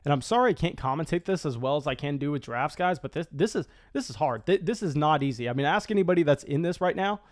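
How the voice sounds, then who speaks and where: With a fairly high-pitched voice, a man calls a fantasy football auction draft live, talking fast and excitedly and often stammering and starting over.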